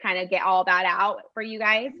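A woman's voice: mid-range voice, little pitch movement, normal speed, no room sound, highs cut off. A woman hosting a podcast interview, affirming her guest with short responses and reflective comments. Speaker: podcast host. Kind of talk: interview chat.

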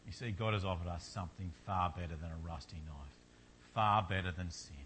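A man's voice: low-pitched, a little fast, fairly bright tone, a little hiss or hum. A man preaching a sermon in an earnest manner, building to fervent repetition.

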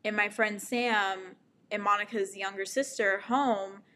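A woman's voice: mid-range voice, steady tone, a little slow, pushed and bright, slight background noise. A young woman candidly telling a personal story to the camera, reflective and often breaking into nervous laughter.

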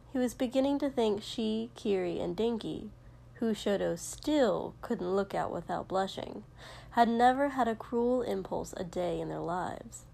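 A woman narrating a story aloud in a calm, measured way. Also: medium pitch, creaky. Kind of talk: fan fiction reading.

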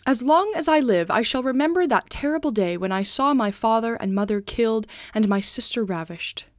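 A woman's voice: a little high, lively intonation, fairly quick, no room sound, clean studio sound, natural voice. A woman reading aloud, voicing a proud young German Jesuit colonel in a heightened, exclaiming way. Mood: grave. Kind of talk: storybook reading.

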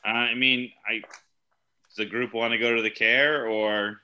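A man's voice: mid-range voice, level tone, unhurried, sharp tone. A man playing a tabletop game, asking questions with hesitant fillers. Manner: hesitant, polite. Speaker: player.

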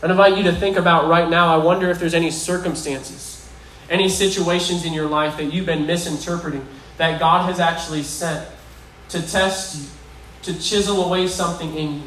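A man's voice: a little high, fairly even intonation, brisk, fairly bright tone, slight background noise. A man preaching a conversational, provoking sermon to young people, often asking the crowd questions. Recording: very echoey hall, voice from far off.

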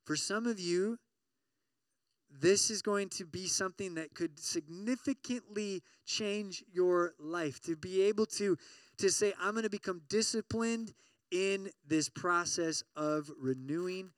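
A man preaching a conversational sermon to a campus ministry group, animated and often checking in with his listeners. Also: high voice, unhurried, no room sound, far from the mic. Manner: acts out everyday inner voices with sudden loud outbursts.

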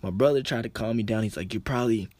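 A man's voice: fairly low pitch, fast talker, a little mellow, dry recording. A young man telling a personal story to his viewers in a casual, slangy way, full of "like" fillers. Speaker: vlogger.

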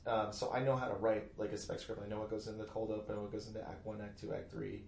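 A man talking casually as a podcast guest, an animated storyteller. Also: lowish voice, quick pace, creaky. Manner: animated storyteller, loud put-on family voices. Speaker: podcast guest, comedy writer. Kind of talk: casual chat. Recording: echoey room, faint noise.

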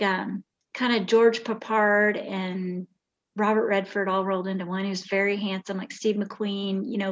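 A woman's voice: medium pitch, highs cut off. An older woman from the Bay Area, a podcast guest telling rambling stories about her childhood with many restarts. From Bay Area, California. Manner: rambling, warm reminiscing with restarts. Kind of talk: casual storytelling.

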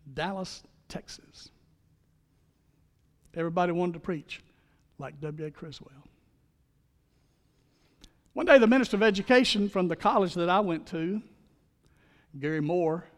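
High-pitched guy preaching a sermon, gets people to repeat lines with him, big echoey sanctuary. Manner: storytelling with call-and-response, leading the congregation in repeated phrases. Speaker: pastor.

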